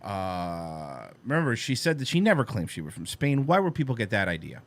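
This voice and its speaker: A man's voice: mid-range voice, sing-song, quick pace, breathy edge. A man co-hosting an online talk show, reading out an article and mocking it in sarcastic asides. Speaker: co-host. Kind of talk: casual commentary on clips.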